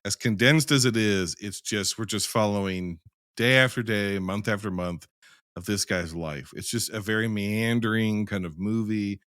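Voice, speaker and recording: A man's voice: lowish voice, normal speed, fairly bright tone, no room sound, studio quality. A man in a casual film-review chat, rambling and emphatic, who swears freely.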